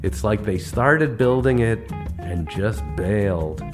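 A man's voice: lowish voice, expressive, slow pace, over music. A man hosting a podcast, telling comic travel stories with a wry, punchline-driven delivery. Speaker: podcast host. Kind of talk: comedic travel storytelling.

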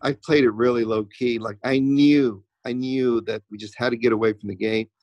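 A man's voice: mid-range voice, fairly even intonation, normal speed, a little mellow, dry recording. A man who trains racehorses, a podcast guest telling stories in a rambling way with many restarts. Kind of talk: casual interview talk.

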